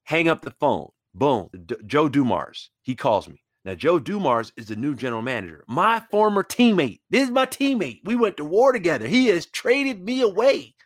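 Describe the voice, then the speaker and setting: Animated man telling a story. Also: normal speed, hardly any pauses, no echo, studio quality. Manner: acts out quoted voices, jumping high and dropping low. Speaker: retired basketball player storyteller.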